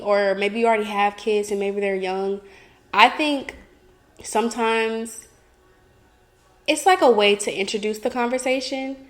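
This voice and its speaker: A young woman talking openly to her listeners in a casual, confessional way. Her voice sits at a middle pitch. Her speech is loose and chatty, with frequent "like"s and little giggles. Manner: candid, chatty, giggly, full of "like". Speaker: podcast host.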